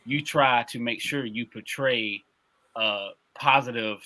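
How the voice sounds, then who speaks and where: Man, bright forceful voice, easygoing affirming chat. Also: medium pitch, slow. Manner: affirming, conversational, laid-back. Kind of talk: casual conversation.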